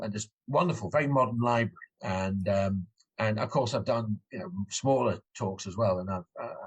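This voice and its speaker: A man's voice: on the low side, slightly rough, rough recording. An English man, an author as guest, chatting casually in an interview, rambling with many restarts.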